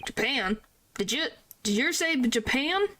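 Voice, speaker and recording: A woman voicing a gruff older male prison governor with a Scottish accent, reading game dialogue aloud in a curt, dismissive way. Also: high voice, expressive, a little slow, background noise. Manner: curt, dismissive, clipped dialect.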